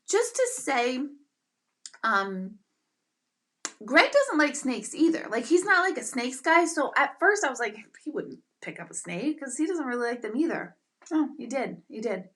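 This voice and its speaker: A middle-aged woman hosting a live chat with her viewers, telling stories in an animated, excitable way with bursts of loud exclamation. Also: sits high. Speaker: livestream host.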